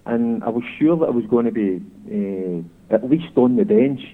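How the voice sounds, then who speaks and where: A man's voice: mid-range voice, normal speed. A middle-aged Scottish man calling in, a former footballer telling stories in a reflective, chatty way. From Scotland. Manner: reflective storyteller. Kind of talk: casual chat. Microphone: phone. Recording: tinny phone line.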